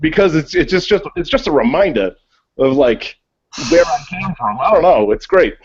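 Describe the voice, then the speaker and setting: A man's voice: fairly high pitch, sing-song, moderate pace, husky. A man from Massachusetts with a Boston accent, telling rambling, profane stories on a call. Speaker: panelist. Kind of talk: casual call chat. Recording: dull, muffled call audio.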